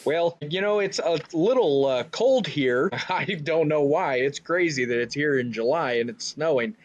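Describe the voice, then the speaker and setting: A man's voice: a little high, expressive, measured pace. Playful man player, filler-heavy chat, dull lo-fi audio. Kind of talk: casual in-character tabletop play. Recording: dull lo-fi sound.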